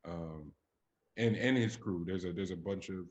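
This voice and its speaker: A man co-hosting a podcast in casual chat, talking emphatically with plenty of profanity and rising to animated peaks. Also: deep voice, normal speed, dull audio, slight background noise. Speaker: podcast co-host.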